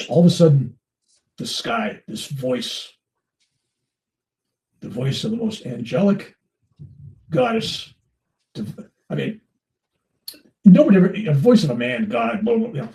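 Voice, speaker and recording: Animated older man telling a story. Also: mid-range voice, echoey room, far from the mic, rough recording. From United States. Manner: animated, acts out dialogue in his story. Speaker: interview guest. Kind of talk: storytelling in casual conversation.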